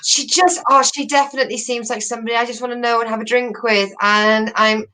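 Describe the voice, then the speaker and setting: Bright chatty British woman co-host. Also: a little high, fairly even intonation, quick pace, poor audio. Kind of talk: casual chat.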